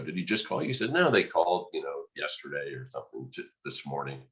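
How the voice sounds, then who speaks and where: A man, a podcast guest, telling a lively story and acting out the dialogue. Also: extremely low pitch, fast, highs cut off. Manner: animated storyteller, acts out quoted dialogue. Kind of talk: storytelling in conversation.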